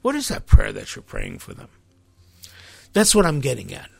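A man preaching a sermon in an impassioned way, rising to sharp emphasis and reading passages aloud. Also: mid-range voice, huge pitch swings, moderate pace, gravelly, breathy edge, no echo.

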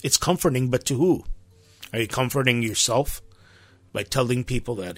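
A man preaching a sermon in an impassioned way, rising to sharp emphasis and reading passages aloud. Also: mid-range voice, normal speed, long pauses, no echo.

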